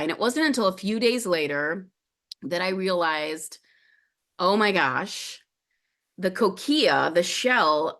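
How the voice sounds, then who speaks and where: A middle-aged woman telling a personal story as a podcast guest, in an animated way that acts out the voices of people she quotes. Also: fairly low pitch.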